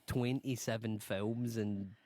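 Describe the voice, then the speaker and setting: A man's voice: on the low side, steady tone, slow pace, a little mellow, dry recording. A man co-hosting a radio show, answering in short dry lines and teasing his co-host. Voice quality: dry, teasing, brief replies. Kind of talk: casual radio chat. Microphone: studio mic. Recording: dry close studio sound.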